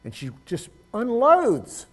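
A male pastor preaching a sermon, swinging between loud exhortation and low, conversational storytelling. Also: wildly swooping pitch, takes it slowly.

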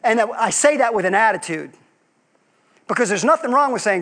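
A man's voice: high voice, lively intonation, normal speed, fairly bright tone. A man preaching a sermon as pastor, asking his congregation rhetorical questions and acting out quoted voices.

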